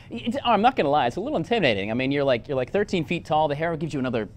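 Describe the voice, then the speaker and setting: A male radio host with a fairly high, lively voice, talking fast and poking fun at himself. His pitch swings all over the place. Music plays behind him. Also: a little hiss or hum. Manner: jokey, self-mocking banter. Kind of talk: casual radio interview.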